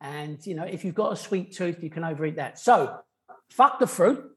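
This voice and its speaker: A man's voice: a little high, fairly quick, a little mellow. An English man who works as a fitness coach, a guest giving diet advice in a blunt, sweary, upbeat way. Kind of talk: casual advice chat.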